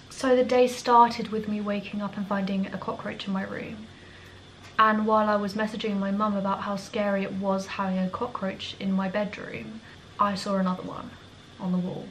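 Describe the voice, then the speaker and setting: A woman's voice: medium pitch, steady tone, slight background noise, low-quality recording. Chatty young British woman vlogging. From England. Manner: chatty, self-deprecating, quick asides. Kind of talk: casual vlog storytelling. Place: her apartment indoors. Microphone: compact camera mic.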